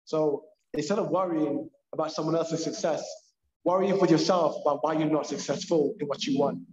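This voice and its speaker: Fast-talking London man, echoey. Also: fairly high pitch. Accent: London English. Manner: animated, emphatic storyteller. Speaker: purpose coach, podcast guest. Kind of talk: casual podcast conversation. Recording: echoey, dull lo-fi sound.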